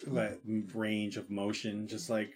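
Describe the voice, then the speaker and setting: A man's voice: fairly low pitch, flat delivery, slow pace, darkish tone. A young man in casual chat with a coworker, laid-back and swearing, acting out quotes. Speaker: coworker chatting.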